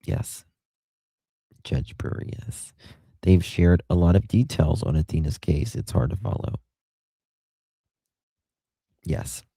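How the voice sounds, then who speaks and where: Man, Southern accent, livestream host, deep gravelly voice, slow drawling chat. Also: dark tone, dry recording. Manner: chatty, drawling, greets viewers by name. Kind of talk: casual chat reading viewer comments.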